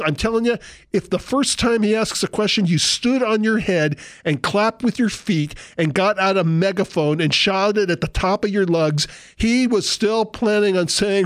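A male pastor delivering a sermon with animated, humorous storytelling and impressions. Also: sits high, moderate pace, no room sound, clean studio sound.

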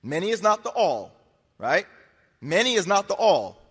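A man's voice: high-pitched, very animated, moderate pace, a bit bright, breathy edge. A man giving an argumentative lecture to an audience, insistent and repetitive, pressing his points with rhetorical questions. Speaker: speaker addressing an audience. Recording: long hall reverb.

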